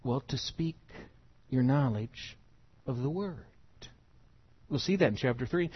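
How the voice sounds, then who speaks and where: Husky guy preaching a sermon, goes quiet then loud n emphatic, kinda muffled audio. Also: mid-range voice, lively intonation, measured pace, long pauses. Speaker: pastor. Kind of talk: expository sermon.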